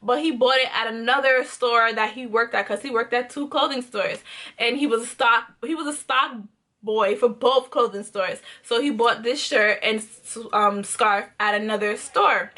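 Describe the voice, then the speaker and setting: A young woman tells a story straight to her viewers in a loose, slangy, conversational way. Her voice sits high and sounds bright and sharp. She keeps it animated and jumps into the voices of the people in her story. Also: normal speed. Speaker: vlogger. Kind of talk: casual storytime.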